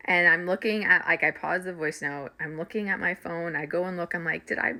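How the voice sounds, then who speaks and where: A middle-aged woman, a spiritual reader and coach, casually telling her viewers a story, animated and laughing often. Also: lowish voice, a little fast.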